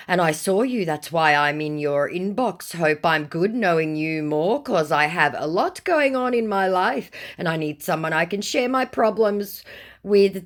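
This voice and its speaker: A woman's voice: lowish voice, pitched above the performer's own voice. Woman putting on a smug male scammer voice. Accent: Australian. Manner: smug, insistent, broken English. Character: self-righteous male online scammer, smug.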